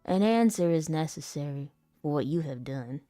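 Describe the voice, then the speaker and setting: A woman voicing a stern, tough leader, pushing her delivery deeper and graver for a voice acting demo read-through. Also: steady tone, measured pace, vocal fry, mellow, no echo, soft background music.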